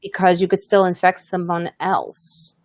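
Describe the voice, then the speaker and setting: A woman's voice: fairly low pitch, little pitch movement, a little slow, no room sound, clean studio sound. A woman comedian hosting a casual live podcast, talking candidly and reading viewer comments aloud.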